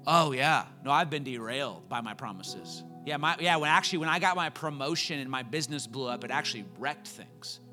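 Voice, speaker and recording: A young man preaching with a bright, forceful voice that sits a little high for a man. He moves between relaxed storytelling and fervent, rising appeals, with quick laughs along the way. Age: young adult. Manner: animated storytelling, voices quoted lines, builds to loud fervent climax. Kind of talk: sermon.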